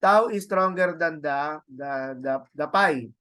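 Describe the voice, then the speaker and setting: A man with a Filipino accent teaching a Greek grammar lesson, halting and repeating words, often adding "no?" to check on students. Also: a little high, pushed and bright, clear, resonant tone. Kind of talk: classroom lecture.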